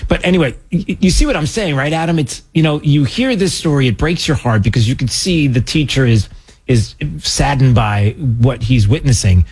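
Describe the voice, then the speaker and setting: A man's voice: medium pitch, expressive, moderate pace, darkish tone, husky. A man hosting a talk radio show, chatting casually and rambling with a joking, self-deprecating manner.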